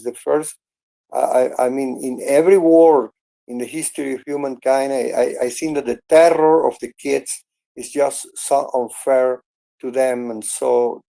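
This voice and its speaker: Earnest gravelly man. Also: medium pitch, fairly even intonation, mellow. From Venezuela. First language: Spanish. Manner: earnest, halting, with many restarts and "I mean". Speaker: host. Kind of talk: casual chat in an online audio room.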